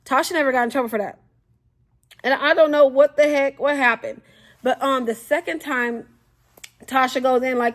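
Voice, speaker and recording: A young woman tells a story to camera in a casual, animated way. Her voice sits high, and she keeps slipping into the voices of the people in her story. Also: moderate pace, long pauses. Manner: animated, acts out quotes, frequent fillers.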